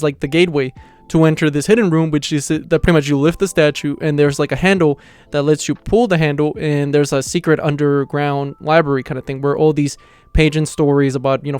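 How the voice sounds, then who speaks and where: A man's voice: a little high, a little mellow, clear, resonant tone, dry recording. A man hosting his own anime review channel, recapping an episode in a casual, rambling way full of "you know" and "like". He often stumbles and restarts mid-word.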